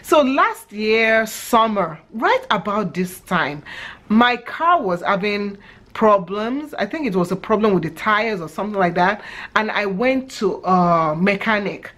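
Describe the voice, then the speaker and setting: A woman's voice: mid-range voice, expressive, measured pace, a bit bright. Chatty Nigerian woman telling a story. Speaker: vlogger. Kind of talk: storytime vlog. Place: home.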